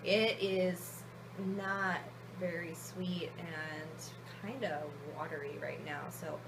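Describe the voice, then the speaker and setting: A woman's voice: fairly low pitch, fairly even intonation, takes it slowly, gravelly, noisy background. A woman home brewer chatting casually through her brew day, rambling and joking at her own expense at home. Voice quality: chatty, rambling, self-deprecating.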